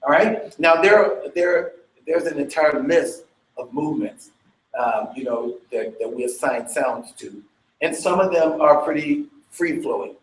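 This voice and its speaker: A man's voice: fairly high pitch, expressive, measured pace. A male dance fitness instructor teaching a workshop, chatty, checking in with listeners and vocalizing beats and sounds with energy. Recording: echoey room.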